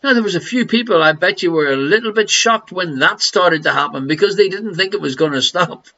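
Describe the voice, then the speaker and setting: A man's voice: sits high, fairly quick, sharp tone, highs cut off. A man with an Irish accent hosting a live online quiz, jokey and teasing, laughing between questions. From Ireland. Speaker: quiz host.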